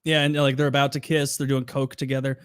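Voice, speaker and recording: A man hosting a casual podcast, telling a story in an animated way with laughs and stammering restarts. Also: medium pitch, fast talker, smooth, no room sound, clean studio sound. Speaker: podcast host.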